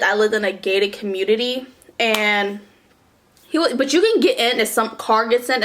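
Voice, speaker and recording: A young woman vlogger telling a storytime in a casual, animated way, swearing and saying "like" a lot. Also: a little high.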